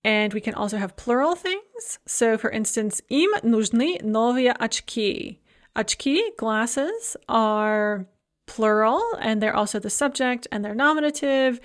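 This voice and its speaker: A woman lecturer teaching a language lesson, explaining grammar step by step and slowing down to enunciate each example phrase. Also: on the high side, expressive. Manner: explanatory, repeats key points. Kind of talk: recorded lecture.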